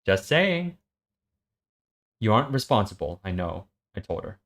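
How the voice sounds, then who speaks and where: A man recapping and reading a web serial aloud, halting with many ums. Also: fairly low pitch, very animated, a bit bright. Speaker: story reader.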